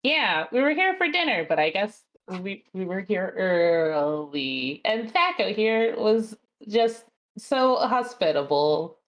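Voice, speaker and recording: A woman joins a tabletop game as a player, chatty and playful, with a lively, expressive pitch. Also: takes it slowly, few pauses, muffled recording. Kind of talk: casual tabletop game play.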